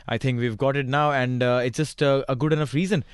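A male radio co-host asking a guest questions and reflecting casually in a relaxed manner. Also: medium pitch, fairly quick, clear, resonant tone, no room sound, studio quality. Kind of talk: talk radio hosting.

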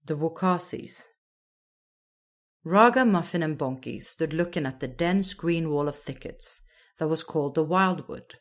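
A woman narrating a children's storybook in a slow, expressive storytelling manner. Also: sits low.

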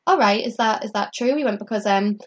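A young woman spins a story in relaxed conversation. Her speech is loose and chatty, packed with "like" fillers, and she slips into the voices of the people she quotes. Her pitch sits in the middle of the range for a woman. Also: fairly quick. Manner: laughs often mid-story. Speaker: comedian guest telling stories. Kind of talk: casual chat, storytelling.

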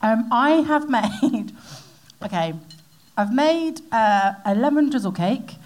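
A woman's voice: on the high side, lively intonation, slow, a little mellow. A woman chatting casually, self-deprecating and laughing at herself. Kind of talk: casual chat.

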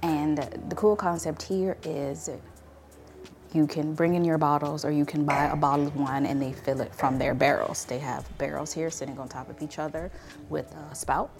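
A woman's voice: deep voice, moderate pace, music in the background. A woman from Chicago, a wine consultant, telling stories in a casual vlog and acting out the voices of people in them. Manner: animated, acts out quoted voices.

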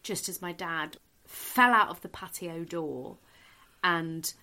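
A woman's voice: lowish voice, slow. A middle-aged woman, a comedian guest telling a comic anecdote in a podcast chat and laughing through it. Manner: lively storyteller, laughs through her own story.

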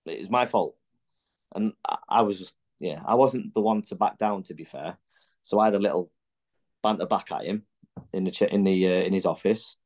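A man's voice: deep voice, moderate pace, a little mellow. A middle-aged man, a former footballer, guesting on a podcast and telling candid, blunt stories full of swearing and restarts. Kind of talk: casual chat.

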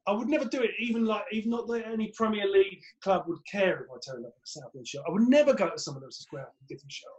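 A man with an Essex accent, a comedian telling lively stories in a casual podcast chat and acting out other people's voices. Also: high-pitched, very fast, hardly any pauses, muffled recording. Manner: animated storyteller, acts out other people's voices. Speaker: guest, stand-up comedian.

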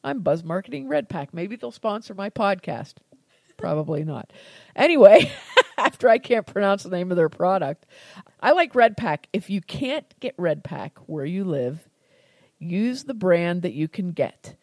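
A woman's voice: fairly low pitch, sing-song, a little slow, no room sound. An American woman hosting a cooking podcast, chatting casually and laughing at her own slips. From United States. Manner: chatty and self-deprecating, laughs easily.

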